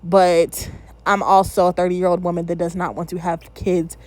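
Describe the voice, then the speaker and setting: A woman's voice: lowish voice, little pitch movement, normal speed, a little mellow, dry recording. A woman in her thirties hosting her own channel, giving casual, candid reaction commentary with plenty of opinionated asides. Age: 30s.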